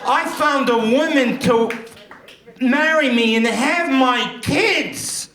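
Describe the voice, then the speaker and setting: A middle-aged man doing a stand-up comedy set, animated and jumping into shouted high voices for punchlines. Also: slow. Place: event hall before an audience. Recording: echoey live room.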